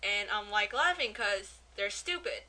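A woman's voice: medium pitch, animated, a little slow, bright, forceful tone, rough recording. A young woman co-hosting an amateur podcast, chatting casually with blunt, offhand remarks. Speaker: podcast co-host.

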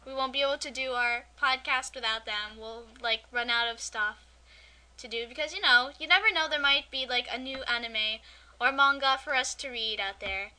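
Bright, high-voiced young woman, playful. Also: normal speed. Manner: giggly, rambling, playful. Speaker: podcast co-host. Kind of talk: casual chat.

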